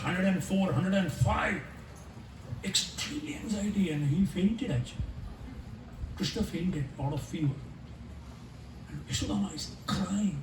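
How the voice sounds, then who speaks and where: A man giving a scripture class at a home program, telling stories with lively voices for the characters. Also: high-pitched, slight background noise. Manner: animated storyteller who acts out the characters' lines. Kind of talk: storytelling sermon. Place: home gathering room. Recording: echoey room, mic at a distance.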